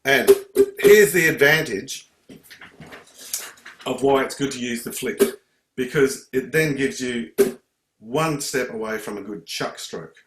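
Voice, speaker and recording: A man's voice: medium pitch, takes it slowly, long pauses, background noise. Chatty man teaching ukulele. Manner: chatty, self-interrupting, counts strums aloud. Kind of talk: live online music lesson. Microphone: computer video call. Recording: echoey room on a video call. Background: ukulele strumming.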